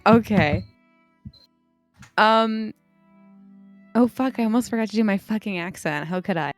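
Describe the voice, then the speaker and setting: A woman's voice: medium pitch, unhurried, dry recording, faint music behind. A woman playing a tabletop game, chatting casually, laughing and swearing. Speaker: player. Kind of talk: casual chat while playing.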